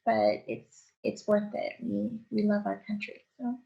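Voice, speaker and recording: A woman's voice: medium pitch, level tone, measured pace, creaky. A woman author answering interview questions over a video call, earnest and hesitant, with many ums. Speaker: author, guest. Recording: dull lo-fi video call audio.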